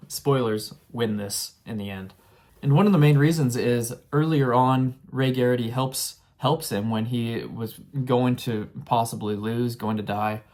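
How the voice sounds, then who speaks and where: A young man talking through a book he just finished, in a loose, conversational way. He rambles and restarts his sentences often, filling pauses with "um" and "uh", and his voice sits in an ordinary middle pitch. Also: a little mellow. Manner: rambling and earnest, many fillers and restarts. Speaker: book reviewer. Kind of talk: casual spoken book review.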